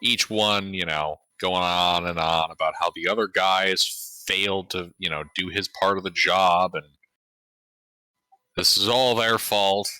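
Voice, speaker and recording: A man narrating as game master in a tabletop game, relaxed with frequent fillers. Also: sits low, measured pace, clear, resonant tone, no echo, low-quality recording.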